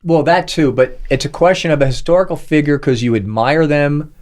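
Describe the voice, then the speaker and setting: A man's voice: a little high, brisk. A middle-aged man hosting a podcast, chatting casually and acting out quoted voices as he tells stories. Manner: animated storyteller, acts out quoted voices. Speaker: podcast host. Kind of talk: casual chat.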